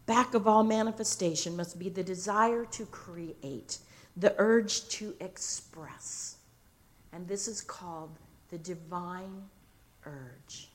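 An older woman minister giving a sermon, telling stories slowly and expressively with dramatic pauses. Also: lowish voice.

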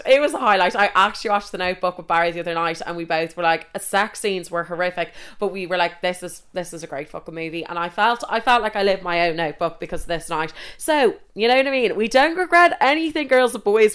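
A woman's voice: lowish voice, a bit bright, clear, resonant tone. A young woman with an Irish accent telling a story casually, chatty and full of swearing and "like". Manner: chatty, swears a lot, constant "like".

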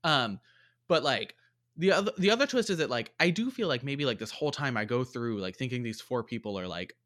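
A man's voice: mid-range voice, animated, fairly quick, a bit bright. A man casually reviewing a movie on a podcast, rambling with lots of fillers. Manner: rambling, many fillers and likes. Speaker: podcast co-host.

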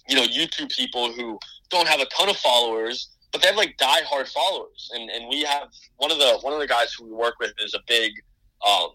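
A man's voice: mid-range voice, bright, forceful tone, no echo, rough recording. A man, a business owner, talking in a casual podcast chat, rambling with many restarts and fillers.

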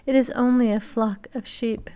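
A woman voicing a calm young woman who reports from a tower in a lifted, steady voice. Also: a little high, moderate pace, clean tone, natural voice. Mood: watchful.

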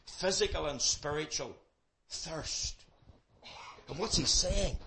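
A man preaching an evangelistic sermon, emphatic and repeating words as he builds, swinging between loud and soft passages. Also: a little high, lively intonation, slow pace. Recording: loud background noise.

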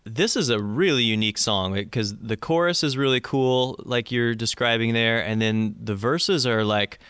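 A man's voice: medium pitch, normal speed, fairly bright tone, clean tone, no room sound, studio quality. A man co-hosting a casual album review chat, talking thoughtfully with many fillers and restarts. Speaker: album review podcast co-host.

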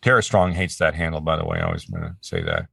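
A man with a very low, deep voice talks as a guest on an interview. He rambles happily, restarts his sentences often and laughs easily. The sound is dry and close, with no room around it. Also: wildly swooping pitch, quick pace, gravelly, pushed and bright, husky, no room sound. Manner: chatty, laughing, frequent restarts. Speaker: voice actor guest. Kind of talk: casual interview chat.

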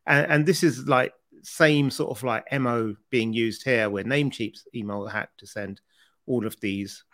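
A man's voice: mid-range voice, a little slow, fairly bright tone. Chatty British man co-hosting a podcast. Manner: chatty, laughs often, stumbles and repeats words. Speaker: podcast co-host. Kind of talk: casual chat.

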